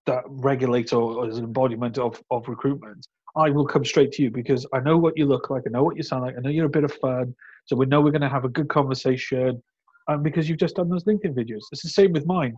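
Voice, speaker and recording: A man hosting a casual conversation, animated, often restarting sentences and laughing. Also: medium pitch, breathy edge, muffled recording. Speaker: host.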